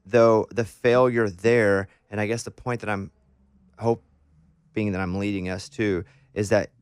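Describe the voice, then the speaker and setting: A man hosting a casual interview who drops in quick, teasing questions and jokes. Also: on the low side, steady tone, clear, resonant tone, no room sound, clean studio sound. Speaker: podcast host. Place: home studio room.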